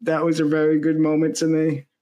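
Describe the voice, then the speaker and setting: A man's voice: fairly high pitch, completely flat delivery, fairly quick, warm tone. A man co-hosting a casual movie podcast, telling stories about his favorite scenes with enthusiasm. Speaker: podcast co-host. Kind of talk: casual movie review chat.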